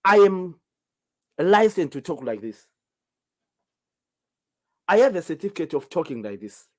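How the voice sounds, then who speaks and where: His voice is high with big pitch swings, and he keeps a measured pace. He is a Zimbabwean man and native Ndebele speaker offering solo commentary on a call-in talk show, emphatic, full of rhetorical questions and prone to repeating himself.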